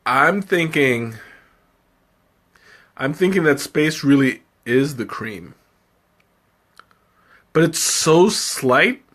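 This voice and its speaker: A man hosts a casual live tea tasting and reads out viewer comments. His voice sits somewhat high for a man. He is chatty, laughs easily, and often restarts sentences as he thinks aloud. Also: animated, drawn-out words, pauses often, fairly bright tone.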